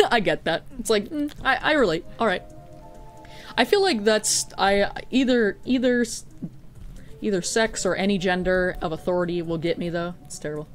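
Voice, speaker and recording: A man's voice: high-pitched, animated, moderate pace, soft background music. A man streaming a video game and chatting casually with viewers, rambling with lots of "like" fillers, swearing and laughing easily.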